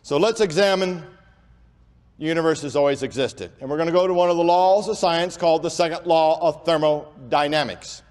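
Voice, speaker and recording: A man with a notably high voice delivers a preaching lecture, pressing each point hard and stretching out his key words. He runs phrases together with barely a breath between them. His voice carries a long reverb tail, as from a large hall. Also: darkish tone. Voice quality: says he has a speech impediment and talks without pausing for breath. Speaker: creationist speaker.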